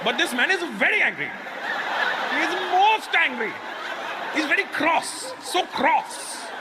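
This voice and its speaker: A fussy, startled bystander in a market, talking, as a male comedian puts him on. The voice jumps much higher than his own and keeps repeating itself in alarm. The live club recording has plenty of background noise. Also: sing-song, unhurried, heavily acted. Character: flustered bystander in an Indian market, startled by an angry stranger.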